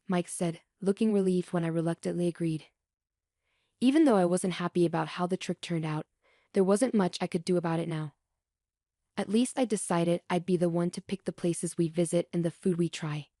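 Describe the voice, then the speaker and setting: A woman reading a scripted first-person story, calm and steady throughout. Her voice sits a little low with a mellow, warm tone. The recording is dry and close, with no room sound. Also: fairly quick, no room sound. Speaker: story narrator.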